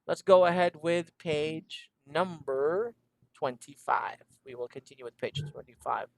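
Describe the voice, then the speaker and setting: A man's voice: on the high side, unhurried, vocal fry, no echo. Patient male English tutor, dry sound. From Philippines. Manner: patient, repeats instructions, laughs often. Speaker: English teacher. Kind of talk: online one-on-one English lesson. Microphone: video call.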